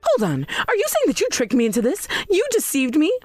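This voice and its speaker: A woman voicing a self-righteous middle-aged mother in a scripted drama, shrill, demanding and defensive. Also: huge pitch swings, brisk, no room sound, faint music behind. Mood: outraged.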